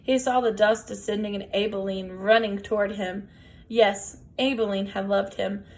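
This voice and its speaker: A woman reading a children's novel aloud in a gentle, measured storytelling voice. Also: mid-range voice, steady tone. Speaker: audiobook reader.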